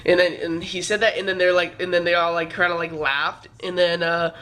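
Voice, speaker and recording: A man's voice: high-pitched, little pitch movement, a little fast, pushed and bright. A young man vlogging, telling a rambling, profane story full of fillers. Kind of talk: casual storytelling. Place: California trip, downtown L A.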